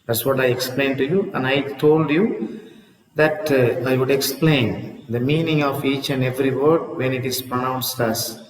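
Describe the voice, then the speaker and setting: A man teaching an English lesson to his channel viewers, talking in a slow, deliberate way and repeating himself. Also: mid-range voice, steady tone. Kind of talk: online lesson. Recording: echoey room, voice from far off.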